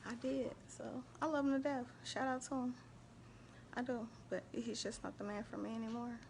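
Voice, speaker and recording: A woman hosting a casual faith and relationship live stream, chatting animatedly and shouting out viewers by name. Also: on the high side, flat delivery, moderate pace, gravelly, slight background noise.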